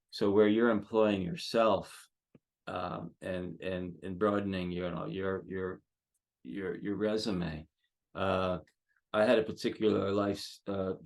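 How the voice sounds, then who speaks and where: On the low side and creaky, this male headshot photographer rambles through his tips as a seminar guest online, halting often and filling gaps with filler words.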